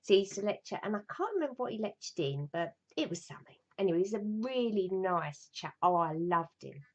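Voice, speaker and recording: Brief: middle-aged woman, London accent, casual storyteller, swears and mimics people, gravelly. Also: mid-range voice, very animated, fairly quick, darkish tone, dull audio. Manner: chatty, rambling, swears, acts out voices. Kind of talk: casual reminiscing monologue.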